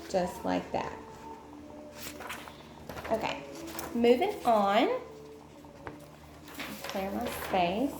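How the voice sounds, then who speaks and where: Young woman, education student presenting a lesson plan; slow and halting, lots of ums; echoey room. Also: medium pitch, lively intonation, gravelly, over music. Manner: halting, many ums, explains step by step. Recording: echoey room with faint noise.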